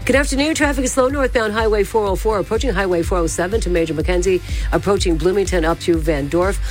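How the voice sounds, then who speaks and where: A woman giving a brisk, matter-of-fact radio traffic report. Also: mid-range voice, soft background music.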